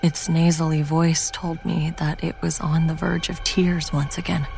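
Woman reading a creepy first-person story, lowish voice, music playing under. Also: level tone, unhurried, gravelly, darkish tone. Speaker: narrator. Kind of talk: scripted horror narration.

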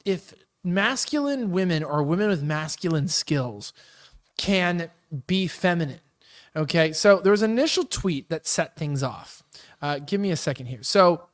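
A man's voice: sits high, a bit bright. A man hosting a casual livestream after-show, rambling with lots of fillers and loose jokes. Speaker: host.

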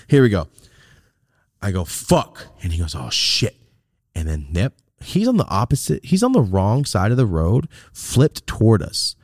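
A man's voice: low voice, gravelly, darkish tone, dry recording, clean studio sound. A man casually telling a rambling, profane road-trip story as a podcast host.

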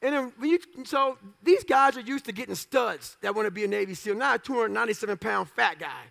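Male motivational speaker, very high gravelly voice, blunt and profane, self-deprecating storyteller. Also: expressive, a little fast, bright, forceful tone. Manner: punchy clipped phrases.

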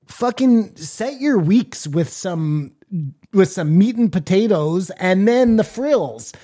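A man's voice: sits high, expressive, slow pace, warm tone. A man co-hosting a casual podcast, sarcastic and ranting, with plenty of swearing. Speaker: podcast co-host.

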